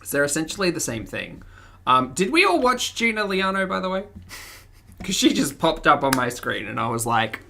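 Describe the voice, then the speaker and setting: A woman's voice: low-pitched, big pitch swings, normal speed, gravelly, sharp tone, a little hiss or hum. An Australian woman with a mild accent, chatting casually with her livestream audience and laughing often as she reads the chat. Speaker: streamer.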